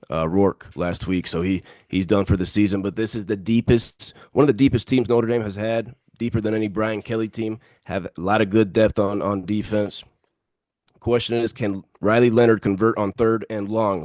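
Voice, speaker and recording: A man's voice: on the low side, darkish tone, no room sound, clean studio sound. A man co-hosting a casual sports podcast, giving confident, emphatic picks and repeating himself for emphasis. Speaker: podcast co-host.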